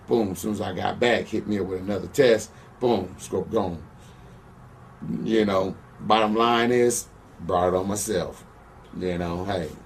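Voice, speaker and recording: A man's voice: sits low, a little slow, vocal fry. Brash, swearing man on a distant mic. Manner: brash and boastful, swears freely, keeps asking "you know what I'm saying?". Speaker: former pro wrestler, interview guest. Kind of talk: profane shoot-interview storytelling. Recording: distant mic with faint background noise.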